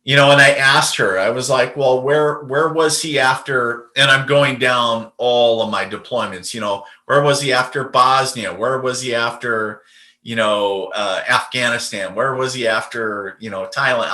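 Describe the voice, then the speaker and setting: Man, podcast guest, bright tone, rambling storytelling, roomy echo. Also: medium pitch. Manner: rambling, many fillers and restarts. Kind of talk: casual storytelling.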